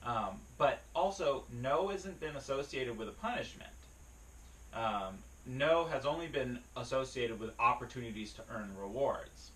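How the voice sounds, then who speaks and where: Guy explaining dog training to a camera, bright clear tone, bit far from the mic, lots of ums. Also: medium pitch, a little slow. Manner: relaxed, explanatory, frequent fillers and restarts. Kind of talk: casual spoken lesson to camera. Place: beside his dog, speaking to a camera.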